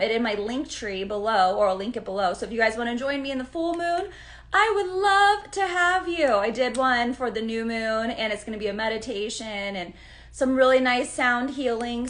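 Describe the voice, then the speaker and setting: A woman with a fairly high voice talks to her live-stream viewers as an astrologer. She chats in a loose, friendly way and keeps checking in with them. She also greets people by name as she goes. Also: fairly bright tone.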